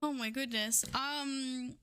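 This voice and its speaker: A woman streamer talks into a studio microphone with a high, bright, sharp-edged voice. She drags her words out slowly, shaking with excitement as she swears and gushes thanks. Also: clean tone, no room sound. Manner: stunned, gushing thanks with frequent swearing and laughter. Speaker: livestreamer. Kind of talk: casual stream chat. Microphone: studio microphone with windscreen.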